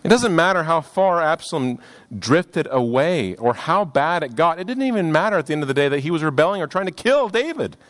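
A man preaching a sermon on a scripture passage, earnest and expressive, rising for emphasis and dropping to hushed, slow phrases. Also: a little high.

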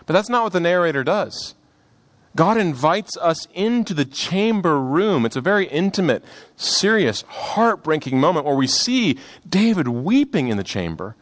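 Speaking a little high, a man gives an expressive, earnest sermon drawn from a scripture passage, lifting his voice for emphasis and falling to slow, hushed phrasing.

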